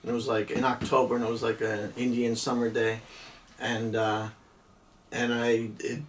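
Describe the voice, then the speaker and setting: A man's voice: mid-range voice, completely flat delivery, moderate pace, distant mic, slight background noise. A middle-aged man from New Jersey casually telling a rambling story with many restarts and laughs. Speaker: podcast co-host.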